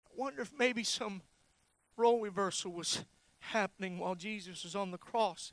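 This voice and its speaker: A male pastor preaching a sermon, telling a personal story and swinging between loud, urgent lines and hushed ones. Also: high voice, moderate pace, no echo. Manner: personal storytelling with repeated phrases.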